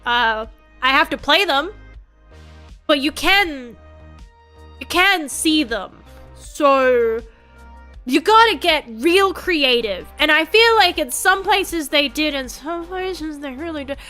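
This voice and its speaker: A woman VTuber chatting casually on stream, rambling and animated, full of fillers and restarts. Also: high-pitched, takes it slowly, faint music behind.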